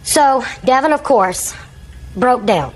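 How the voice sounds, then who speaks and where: A woman's voice: on the high side, expressive, takes it slowly, slight background noise, poor audio. Older woman rambling through courtroom testimony. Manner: long rambling account, acting out quoted dialogue. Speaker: litigant.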